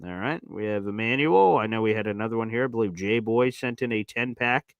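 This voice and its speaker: A man's voice: lowish voice, brisk, no echo, highs cut off. A man hosting a casual sports livestream, hyped up and calling his viewers "baby" as he reads off gifts. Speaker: livestream host.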